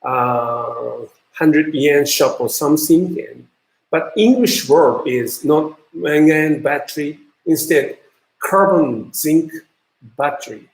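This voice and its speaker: A man with a Japanese accent who speaks Japanese natively, giving a university lecture in English in a halting way, with many fillers and restarts. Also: a little high, vocal fry. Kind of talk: recorded lecture. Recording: echoey room.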